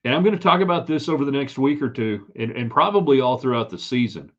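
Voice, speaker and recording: A man's voice: mid-range voice, animated, fast talker, few pauses, fairly bright tone. A man hosting a live sports stream, giving chatty, opinionated commentary that rambles with restarts. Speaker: sports podcast host. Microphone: streaming setup mic. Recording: slightly dull lo-fi stream audio.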